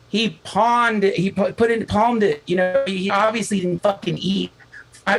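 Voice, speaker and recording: A man chatting as a podcast guest, his voice gravelly with fry. He tells his story in a loose, animated and profane way, putting on little voices for the people he quotes. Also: high voice, low-quality recording. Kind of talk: casual storytelling chat.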